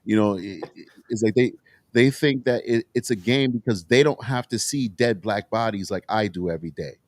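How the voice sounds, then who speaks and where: A man with a lowish voice hosts a political talk show, speaking at normal speed with no echo. He sounds impassioned and emotional, his raw delivery full of frequent swearing.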